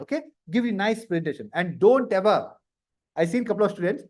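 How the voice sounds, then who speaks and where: Lively high-voiced trainer. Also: male voice, a little fast. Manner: lively, acts out candidates in mock interview snippets; addresses students directly, laughs often. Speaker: career trainer. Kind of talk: live-streamed career lesson.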